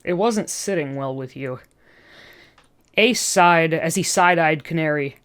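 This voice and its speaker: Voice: mid-range voice, measured pace, fairly bright tone, smooth. A reader narrating a fan story aloud, breaking in with chatty asides and chuckles between passages.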